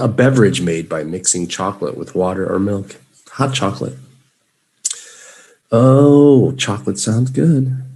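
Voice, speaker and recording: Gravelly and low-pitched, with a darkish tone and a breathy edge, this man from Chicago leads a live English vocabulary lesson. Speaking in his Chicago accent, he has the students echo each word back.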